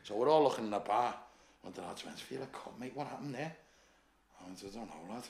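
Liverpool male guest, raspy and fairly high, swears freely, animated storyteller, roomy echo. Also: fast talker. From Liverpool, England. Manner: swearing, animated, laughing while telling stories. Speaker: podcast guest, former doorman. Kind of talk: casual storytelling chat.

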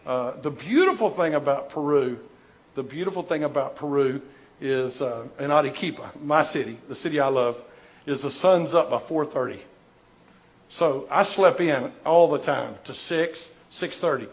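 An older man, a missionary, answering audience questions in an informal talk. He rambles through jokey, animated stories with many restarts. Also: a little high, normal speed, muffled recording.

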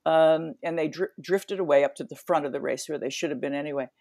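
A woman's voice: low voice, fairly even intonation, quick pace, a little mellow, no echo, studio quality. A woman in her seventies, an interview guest, telling a story vividly, acting out scenes with sound effects and many restarts. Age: 70s.

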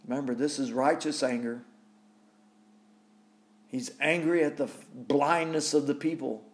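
A man preaching a sermon, reading scripture aloud and reflecting on it with repeated rhetorical questions. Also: medium pitch.

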